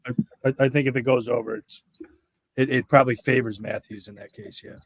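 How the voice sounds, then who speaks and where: A man's voice: medium pitch, fairly even intonation, fast talker, gravelly, no echo, poor audio. Hesitant man with a dry, close sound. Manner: hesitant, many ums and restarts. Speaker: betting show co-host. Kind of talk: casual group chat on a live stream.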